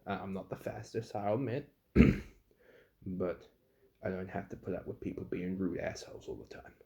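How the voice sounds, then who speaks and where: A young man, a fast food worker, bluntly ranting with swearing about rude customers in a casual story. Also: deep voice, steady tone, warm tone.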